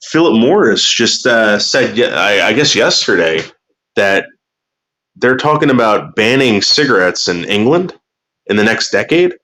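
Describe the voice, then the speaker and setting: A man with a fairly low voice talks casually to his livestream chat, rambling from one thought to the next. He swears freely and stumbles over the first words of his sentences. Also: sing-song, unhurried, sharp tone. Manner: profane, rambling, repeats words when starting sentences.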